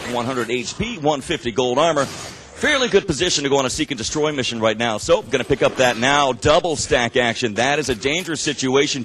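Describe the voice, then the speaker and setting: A man doing live esports play-by-play at an event, excitable and breathless, surging into shouts at big plays. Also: medium pitch, slight background noise. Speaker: esports commentator.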